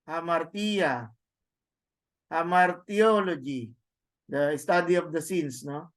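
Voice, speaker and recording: A man teaching a class, slowly sounding out words and repeating them with tag questions. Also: high-pitched. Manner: slow, repetitive drilling with tag questions. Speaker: Greek teacher. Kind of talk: classroom lesson, reading words aloud.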